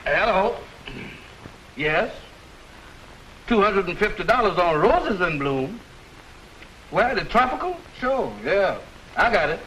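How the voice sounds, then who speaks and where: A drawling, high-voiced comic helper. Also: male voice, lively intonation, slow pace, long pauses, sharp tone, slight background noise, exaggerated voice, poor audio. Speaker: bookie's errand man. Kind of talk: 1940s film comedy dialogue.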